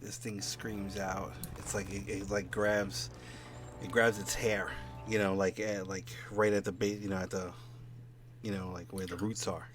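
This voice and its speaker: A man's voice: sits low, level tone, a little slow, music in the background. A man running a tabletop game as dungeon master, narrating in a rambling way with lots of fillers.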